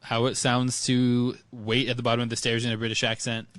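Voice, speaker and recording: A man's voice: mid-range voice, completely flat delivery, brisk, fairly bright tone, no echo. A man co-hosting a book podcast, chatting casually and playfully reading dialogue aloud with frequent laughter. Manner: playful, laughs often, acts out lines. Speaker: podcast co-host.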